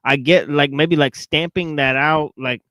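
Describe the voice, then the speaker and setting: A man's voice: a little high, steady tone, unhurried, a bit bright, no room sound. A man hosting a podcast in casual chat, hesitant and full of fillers, sounding incredulous. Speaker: podcast host.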